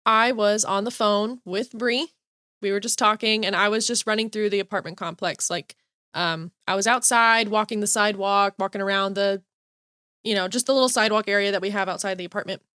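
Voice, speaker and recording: Woman podcast co-host, mid-pitched, chatty with filler words, dry close recording. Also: steady tone, brisk, pushed and bright, clear, resonant tone, no room sound. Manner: chatty, with frequent "um" and "just". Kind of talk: casual chat.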